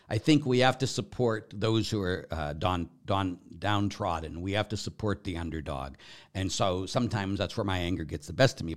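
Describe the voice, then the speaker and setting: A man, a Catholic priest hosting a podcast, talks bluntly and with passion, moving from loud emphatic lines to near-whispers. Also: lowish voice. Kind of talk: podcast monologue answering questions.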